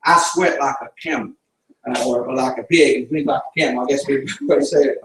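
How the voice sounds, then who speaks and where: A man's voice: mid-range voice, fairly even intonation, a little fast, a bit bright, slight background noise. Southern missionary man preaching in an echoey church. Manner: folksy storytelling, fervent preaching. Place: church sanctuary. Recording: echoey church room from a distance.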